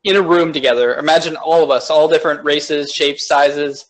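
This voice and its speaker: A man's voice: fairly high pitch, fairly even intonation, moderate pace, rough recording. A man co-hosting a podcast in casual, rambling chat. He swears and laughs often. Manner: rambling, profane, laughs a lot. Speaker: podcast co-host.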